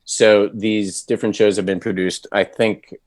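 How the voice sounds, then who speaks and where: Man, voice actor guest, lowish voice, dry close sound, casual rambling chat. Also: flat delivery, normal speed, dry recording. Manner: rambling storyteller with frequent restarts and laughs.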